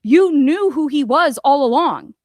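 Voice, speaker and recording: A woman's voice: high voice, expressive, unhurried, a little mellow, dry recording, clean studio sound. Angry, profane woman ranting about a court case. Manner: addresses people directly with rhetorical questions. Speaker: commentary host.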